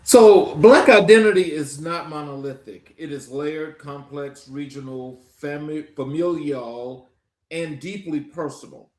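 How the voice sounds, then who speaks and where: Measured man, roomy echo. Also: a little high. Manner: measured, prepared questions. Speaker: podcast host. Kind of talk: interview questions.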